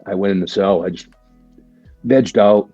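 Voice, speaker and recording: A man's voice: on the low side, moderate pace, warm tone, no room sound, lo-fi sound, soft background music. A man, a military veteran, talks candidly as a podcast guest and keeps asking "right?" while he swears casually. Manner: candid, profane, full of "right?" and "like". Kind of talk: casual storytelling.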